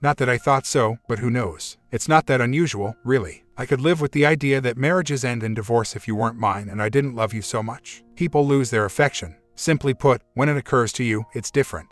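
A man's voice: mid-range voice, fairly quick, hardly any pauses, close to an everyday voice. A man reading as a bitter, hurt husband. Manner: bitter, weary confession. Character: hurt middle-aged husband confronting ex-wife.

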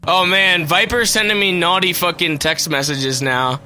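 A man hosting a casual online gameplay chat, yelling excitedly and laughing often. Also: sits high, moderate pace, faint music behind. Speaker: gaming channel host.

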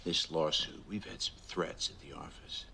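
A middle-aged man playing a father in a family film, speaking gently and reasoning with his son. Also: a bass voice, fairly even intonation, moderate pace, creaky, a little hiss or hum, full character voice. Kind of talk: film dialogue.

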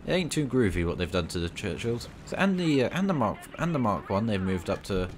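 A man giving excitable, casual commentary over a tank game, bantering at enemies with mock outrage. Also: fairly low pitch, a little fast. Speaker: gaming video creator.

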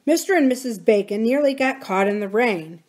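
A man's voice: very high voice, lively intonation, moderate pace, darkish tone. A woman voicing a shy, awkward rancher and father who speaks eagerly but self-consciously.

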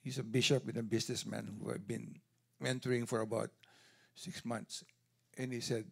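A man giving an animated testimony at a church service, telling his story with quoted dialogue. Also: medium pitch, normal speed, vocal fry, slightly rough.

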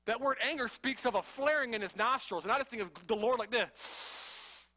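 A male preacher delivering a sermon with a high, bright voice. He sounds fervent and conversational, with slangy asides, and his delivery is forceful. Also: moderate pace.

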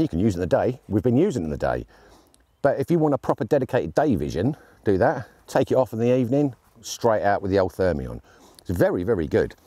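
A man's voice: mid-range voice, warm tone, dry recording. A man giving a chatty, jokey and enthusiastic gear review outdoors on shooting land.

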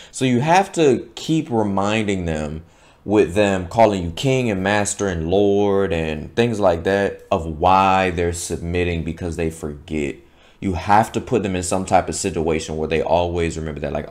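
A man hosting his channel, delivering an opinionated monologue in an emphatic, repetitive, lecturing way, often stumbling and restarting words. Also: fairly low pitch. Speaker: channel host.

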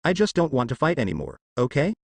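A man voicing a weary, regretful father who speaks in halting, apologetic phrases. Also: fairly high pitch, huge pitch swings, gravelly, no room sound, full character voice.

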